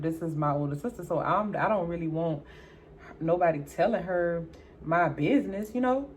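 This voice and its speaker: Brief: young woman vlogger, chatty storyteller, voices both sides of a talk, jumps high for exclaims, faint room noise. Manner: animated, acts out both sides of a dialogue, jumps high for her own exclaims. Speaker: beauty vlogger. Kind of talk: casual storytelling while doing makeup.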